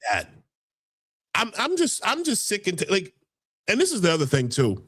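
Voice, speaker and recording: A man's voice: high voice, huge pitch swings, normal speed, fairly bright tone, breathy edge. Heated, rambling man hosting a talk show. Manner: heated, rambling, repeats words. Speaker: podcast host. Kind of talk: casual political talk.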